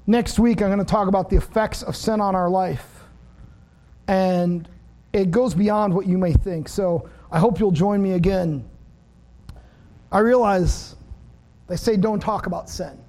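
A middle-aged man with a notably high voice preaches in an easy, conversational way. He acts out little dialogues with a friend as he talks to his congregation. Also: a little slow, long pauses, warm tone. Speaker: pastor. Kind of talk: sermon.

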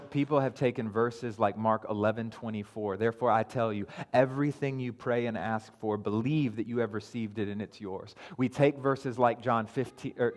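A man preaching a sermon as pastor, teaching calmly and then building to raised, insistent emphasis, often repeating and restarting phrases for weight. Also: mid-range voice. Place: church sanctuary. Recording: long hall reverb.

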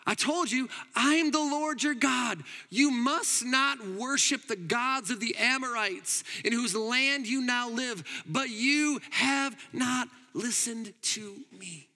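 A man's voice: extremely high pitch, slow, gravelly, few pauses, bright, forceful tone, long reverb tail, pitched above the performer's own voice, heavily acted. Commanding divine voice, solemn declarations, read by a male preacher.

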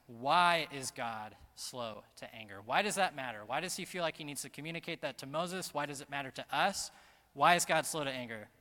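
A man preaching a sermon as pastor, earnest and emphatic, slowing down to stress key phrases. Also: medium pitch, pushed and bright. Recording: long reverb of a large hall.

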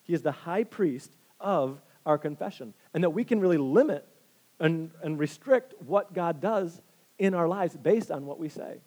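A man preaching to his congregation, his voice sitting a little higher than most men's. He tells stories at his own expense with lively humor, stumbling over restarts as he goes. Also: moderate pace. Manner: lively storytelling, self-deprecating humor, frequent restarts. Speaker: pastor. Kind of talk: sermon with personal stories.

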